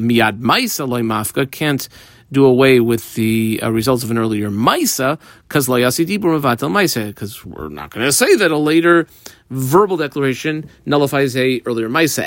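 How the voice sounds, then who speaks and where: A man works through a Talmud page, reading a phrase and then unpacking it in plain, casual English. His voice sits at a middle pitch with a gravelly, creaky edge, and the recording is dry and close. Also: no echo. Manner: reads Aramaic phrases then explains them in English, with frequent ums. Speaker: Talmud teacher. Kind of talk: Talmud lesson, reading and translating.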